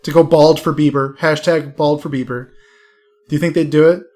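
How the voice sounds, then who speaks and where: Male co-host with a dry, teasing delivery and a somewhat high pitch. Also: steady tone, moderate pace, a little mellow. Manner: wry, sets up jokes with mock seriousness. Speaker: podcast co-host. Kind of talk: casual chat.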